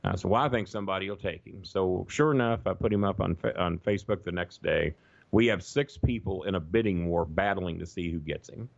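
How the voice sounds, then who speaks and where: A gravelly, fairly low-voiced middle-aged man, telling profane, rambling stories in casual chat. The sound is dry and dull, like a lo-fi recording. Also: a little fast, dry recording. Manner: profane, rambling anecdotes, acts out quoted voices. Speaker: podcast guest.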